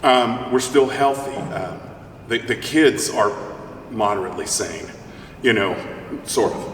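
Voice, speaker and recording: In a church interview, this middle-aged opera singer chats casually, a jovial, rambling, animated storyteller. He speaks at a measured pace in a medium-pitched voice, picked up by a distant mic in the roomy hall with a faint hiss.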